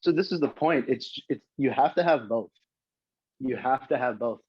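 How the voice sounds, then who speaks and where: Brief: man, raspy voice, easy chat, muffled lo-fi recording. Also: mid-range voice, normal speed. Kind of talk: casual chat. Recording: dull lo-fi sound.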